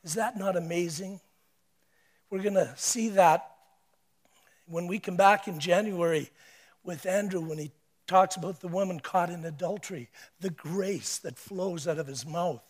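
Male preacher, high-pitched, emphatic sermon delivery with hushed and loud swings. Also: unhurried.

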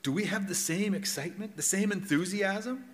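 A man's voice: sits high, moderate pace. Man preaching in an echoing church hall. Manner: conversational preaching, rhetorical questions, swings from loud to hushed. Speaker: pastor. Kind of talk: sermon.

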